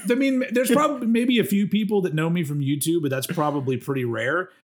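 A man's voice: sits high, fast. Rambling casual male podcast host. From Texas. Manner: rambling, self-mocking, with restarts. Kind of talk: casual chat.

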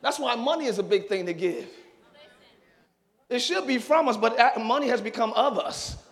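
Man, pastor preaching in church, high voice, bright forceful tone, whoops, banter, shouts at the peaks. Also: normal speed, creaky. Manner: builds from calm teaching to shouted preaching; interjects "woo" and jokes with the congregation. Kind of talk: sermon.

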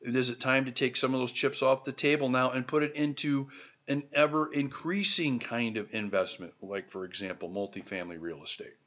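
A man's voice: medium pitch, fairly even intonation, a little fast, fairly bright tone, dull audio. A man from the American heartland hosting a podcast, talking listeners through a monologue in an emphatic, exhorting way with lots of repeated rhetorical questions. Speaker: podcast host.

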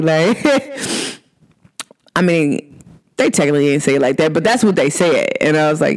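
A woman's voice: low-pitched, animated, a little slow, pauses often. A woman from Cincinnati hosting a podcast, talking to her listeners in a casual, slangy way, laughing often and acting out what people said. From Cincinnati, USA. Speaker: podcast host.

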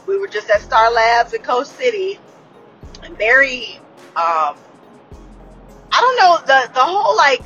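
Woman late 30s, casual episode recap, cusses a lot, laughs a bunch, kinda high voice, dull lo-fi sound. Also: sing-song, measured pace, long pauses, pushed and bright, soft background music. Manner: candid and profane, laughs often, trailing restarts. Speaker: TV episode reviewer.

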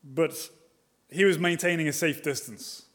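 Man, preacher, sermon, higher-pitched voice, emphatic then quiet, rhetorical questions. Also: measured pace. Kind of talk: expository sermon.

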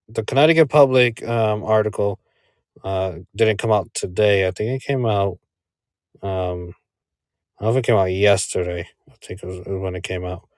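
Low, slow-talking man on a call. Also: clear, resonant tone, dry recording, clean studio sound. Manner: rambling, many fillers and rhetorical "right?". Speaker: podcast co-host. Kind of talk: casual commentary. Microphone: remote call.

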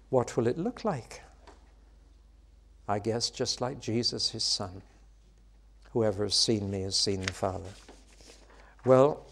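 Expressive male preacher giving a sermon. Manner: expressive, builds to loud, high exclamations then drops to soft.

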